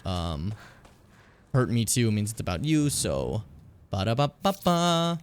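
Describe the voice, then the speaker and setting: A man streaming a game, chatting and rambling in a casual, animated way between game lines. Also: lowish voice, slow. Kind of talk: casual gameplay commentary.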